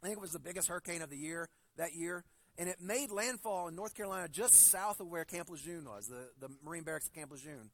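High-voiced man preaching earnestly. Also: fast talker, fairly bright tone, dry recording. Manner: earnest, builds to emphatic stresses; tells personal stories to make a point. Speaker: pastor. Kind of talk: sermon.

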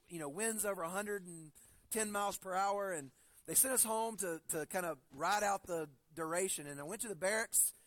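A man's voice: high voice, fairly bright tone, dry recording. A man in his forties preaching a sermon, earnest and building to emphatic stresses, weaving personal stories into his point. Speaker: pastor.

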